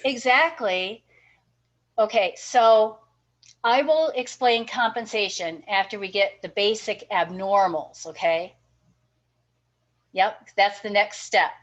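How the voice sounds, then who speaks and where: A woman teaching a nursing class, encouraging and checking in with her students often. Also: medium pitch. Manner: encouraging, checks in with frequent "okay?" and "right?". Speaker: nursing instructor. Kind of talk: recorded class lecture. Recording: dull lo-fi lecture recording.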